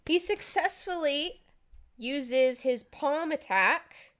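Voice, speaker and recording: A woman running a tabletop game as game master, narrating in a brisk, blunt, teasing way. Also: high voice, lively intonation, a bit bright.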